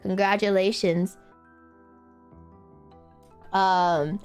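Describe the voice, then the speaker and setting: A woman streaming casual chat, animated and giggly, laughing often and swearing casually. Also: medium pitch, unhurried, soft background music.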